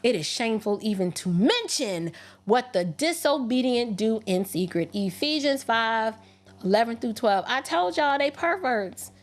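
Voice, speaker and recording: An animated woman hosts a livestream and chats straight to her viewers. Her voice sits high, and she shoots quick, sassy asides back at their messages. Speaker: livestream host. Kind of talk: casual livestream chat reading super chats.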